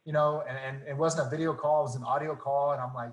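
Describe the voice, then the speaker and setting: A man's voice: mid-range voice, quick pace. Earnest man in an echoey room. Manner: earnest, animated retelling with quoted dialogue. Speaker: guest. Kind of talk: casual faith talk, storytelling.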